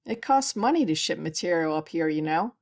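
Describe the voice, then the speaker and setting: A woman's voice: low-pitched, expressive, brisk, darkish tone. A woman reading the lines of a tense male space station doctor, speaking in clipped, pressured sentences.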